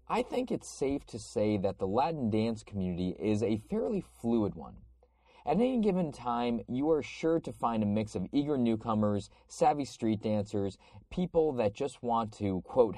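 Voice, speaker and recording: A man's voice: mid-range voice, dark tone, dry recording, studio quality. A man with a cold hosting a podcast, reading an article aloud in a conversational way. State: has a cold. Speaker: podcast host.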